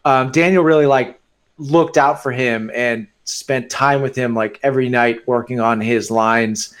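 Male filmmaker, casual interview, halting delivery with lots of fillers. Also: medium pitch, fairly even intonation, fairly bright tone, smooth. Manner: hesitant, many fillers and restarts.

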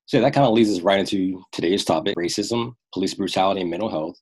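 A man from the Prince George's County area hosting a conversation, relaxed and using fillers. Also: low-pitched, fast talker, breathy edge, poor audio. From Prince George's County, Maryland area. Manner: relaxed, with fillers, steers the topic. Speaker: host. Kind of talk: podcast hosting.

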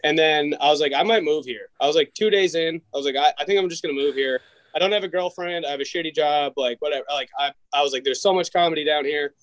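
A young man tells loose, rambling stories as a podcast guest, acting out everyone's lines as he goes. His voice sits fairly high, and the recording is dry and close. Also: fast, no echo, poor audio. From Massachusetts. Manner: rambling storyteller, acts out quotes. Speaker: comedian guest. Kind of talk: casual podcast chat.

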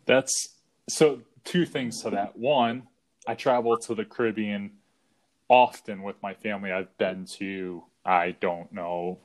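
A man from the US Northeast hosts a casual interview in a somewhat low voice. He wanders through his thoughts with plenty of fillers and asides. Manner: relaxed, rambling, frequent fillers. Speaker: podcast host.

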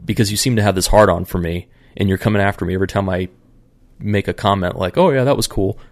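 Casting note: very low, gravelly male voice, loose profane storyteller, dry close mic. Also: level tone, fast talker, no echo. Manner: rambling, profane, many fillers. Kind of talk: casual storytelling.

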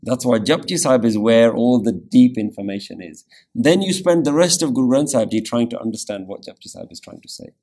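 A man teaching a Sikh scripture lesson, explaining meanings and pronunciation with careful, deliberate explanation and frequent "yeah?" check-ins. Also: mid-range voice, a little mellow. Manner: pronounces Punjabi scripture carefully.

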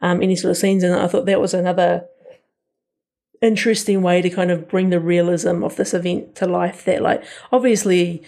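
A man's voice: high-pitched, little pitch movement, normal speed, vocal fry, dark tone. A man co-hosting a podcast, chatting casually about a film in a rambling way with lots of fillers. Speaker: podcast co-host.

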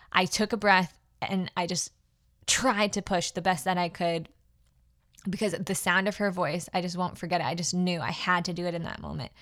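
A young adult woman hosting her own podcast, telling a personal story in a casual, heartfelt way with many fillers and restarts. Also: lowish voice. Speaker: podcast host.

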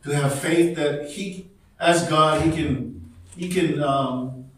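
A man in a church study class asking a question in a halting way, searching for words. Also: fairly high pitch. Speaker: class participant. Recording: echoey room, speaking far from the mic.

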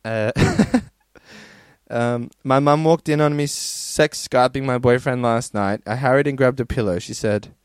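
A man's voice: mid-range voice, unhurried, clean tone, no room sound, studio quality. A man hosting a podcast, casually reading listener stories in a crude, rambling way and laughing often. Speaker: podcast host.

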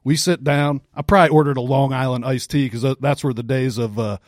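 A man co-hosting a podcast, telling a story in a casual, profane, animated way with frequent laughs. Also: mid-range voice, a little fast, dry recording, clean studio sound. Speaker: podcast co-host.

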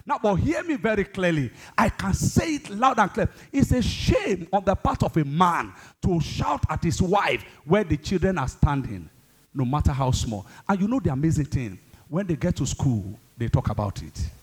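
A man preaching a sermon, exhorting the congregation, swinging between loud high bursts and low asides. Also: big pitch swings, normal speed, husky. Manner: exhorting, calls the congregation to respond. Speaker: pastor.

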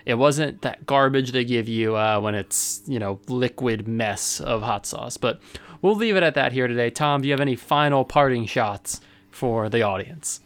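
A man co-hosting a podcast, bantering in a casual, teasing and animated way. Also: mid-range voice. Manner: animated, teasing, quick to joke. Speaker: podcast co-host.

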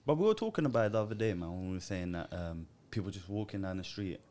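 A man's voice: low voice, animated, quick pace, a little mellow. A man co-hosting a casual podcast chat, laid-back, laughing easily and using casual slang.

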